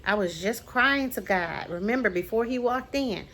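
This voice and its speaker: A woman's voice: medium pitch, animated, moderate pace, fairly bright tone, slight background noise. Emphatic woman telling a personal story. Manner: emphatic, repeats phrases for effect. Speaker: vlogger.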